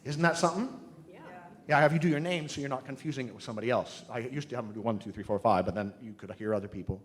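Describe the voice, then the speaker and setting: A man teaching singing to a live audience in a humorous, animated way, demonstrating sounds with his own voice. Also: medium pitch, rapid-fire, slightly rough. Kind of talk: live workshop talk.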